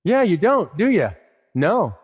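Brief: a simple, trusting kite heard in an echoing church hall, voiced by a preacher. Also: male voice, high-pitched, sing-song, a little slow, slightly rough, highs cut off, full character voice. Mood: earnest. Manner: eager, innocent. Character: naive carefree kite, male.

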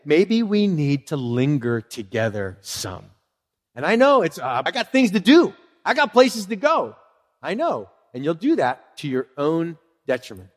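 A man preaching a sermon to his congregation, lively and conversational, acting out short exchanges in different voices. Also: long reverb tail. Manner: animated, acts out little dialogues with swooping pitch. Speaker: pastor.

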